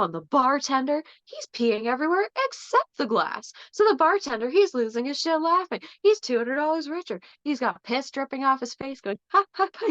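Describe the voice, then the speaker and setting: A fairly high-voiced woman trades jokes in a casual chat, giggling often and swearing freely. The sound is dull and lo-fi, dry and close. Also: no room sound. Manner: giggly, crude storyteller. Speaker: guest. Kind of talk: casual joke-telling chat.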